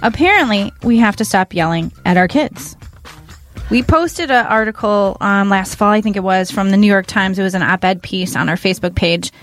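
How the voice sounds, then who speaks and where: A woman's voice: medium pitch, normal speed, no echo, soft background music. A woman cohosting a parenting podcast in casual chat, candid and chatty, laughing often.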